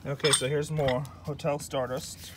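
A man's voice: on the high side, flat delivery, moderate pace. A man casually reading labels aloud in short bursts with mumbled asides, filmed on a handheld phone indoors. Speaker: vlogger showing a collection. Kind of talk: casual off-the-cuff commentary. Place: indoors at a shop. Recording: loud clinking and handling noise.

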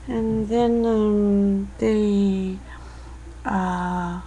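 A woman's voice: mid-range voice, level tone, drawn-out words, dark tone, a little hiss or hum, rough recording. An American woman chatting to her webcam in a rambling, self-deprecating way, speaking straight to the viewer. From United States. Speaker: vlogger. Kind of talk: casual chatty monologue to a webcam. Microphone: built-in webcam mic.

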